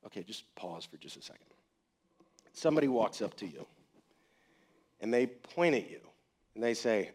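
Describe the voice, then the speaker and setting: A man preaching a casual, talky sermon, retelling the scene in everyday words and acting out the voices of the people in it. His voice sits at an ordinary middle pitch, and he swings from loud and punchy to quiet and slow. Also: slightly rough. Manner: conversational, animated retelling with acted quotes.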